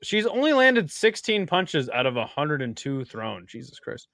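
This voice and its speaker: A young man hosting a casual live-stream watch party, crude and excitable, joking with his chat. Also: a little high, moderate pace, vocal fry, no echo, clean studio sound.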